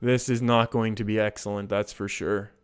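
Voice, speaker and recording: A man's voice: lowish voice, flat delivery, moderate pace, smooth, faint music behind. A man with a Canadian accent giving casual, chatty commentary while streaming a card game. He often chuckles at himself and restarts his sentences as he talks to his chat.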